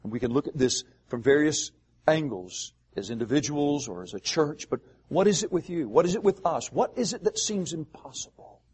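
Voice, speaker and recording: Husky-voiced man preaching a sermon. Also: fairly high pitch, expressive, a little mellow. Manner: preaching with rhetorical questions and emphatic pauses. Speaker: pastor.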